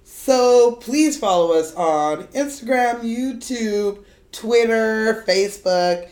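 A woman's voice: a little high, slow pace, a little mellow. A woman co-hosting a podcast in casual chat, swearing freely and laughing often. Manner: profane, laughing, jokey. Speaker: podcast co-host. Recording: echoey room.

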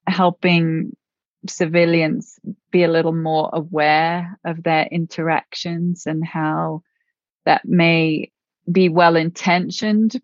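Slow, low-voiced woman interviewer. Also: no echo, lo-fi sound. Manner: gentle, affirming. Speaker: interviewer, host. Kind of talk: conversational interview.

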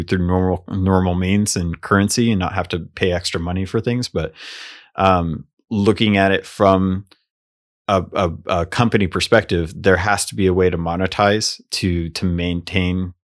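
Casual host, man, deep low voice, measured and thoughtful, lots of ums. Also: fairly even intonation. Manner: measured, reasoning aloud with many fillers. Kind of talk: casual discussion.

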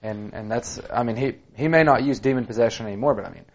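A man's voice: medium pitch, fast talker, highs cut off. Chatty man in a faith discussion. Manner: conversational, chatty, frequent "you know". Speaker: podcast co-host, preacher. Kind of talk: casual Bible study discussion.

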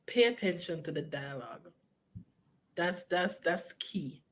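A woman's voice: lowish voice, measured pace. A woman, a film writer and director, talking casually in an interview and often repeating herself. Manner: animated, repeats herself, frequent "you know what I mean".

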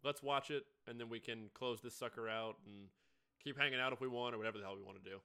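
A man hosting a podcast in relaxed, casual chat, laughing easily and swearing a little. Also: medium pitch, fast, slight background noise. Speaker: podcast host.

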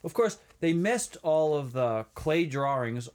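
Man chatting with a lively voice. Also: on the high side, takes it slowly. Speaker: podcast co-host. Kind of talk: casual movie chat.

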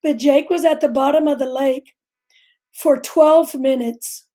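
A woman's voice: high voice, unhurried, mellow. A middle-aged woman earnestly telling a vivid personal story as a guest on a faith talk show.

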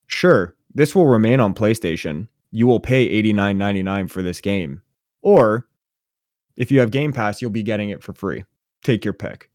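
A low-pitched man co-hosting a casual sports and games chat show. He tells stories with animated, profane energy, swearing freely as he rants. The sound is dry and close, with no room around it. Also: no echo. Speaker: podcast co-host.

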